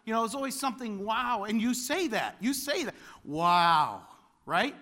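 A man preaching a sermon as pastor, animated and building to loud exclamations. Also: very high-pitched, brisk.

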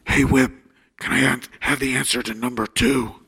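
A man voicing a clueless male classmate who tries to whisper but rasps loudly. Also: medium pitch, big pitch swings, normal speed, pitched below the performer's own voice, exaggerated voice. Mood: pleading. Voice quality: raspy loud whisper.

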